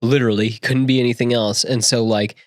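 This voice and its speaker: A man's voice: mid-range voice, flat delivery, fast, no echo, clean studio sound. A man co-hosting a casual podcast, joking around and laughing easily. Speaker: podcast co-host. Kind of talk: casual chat.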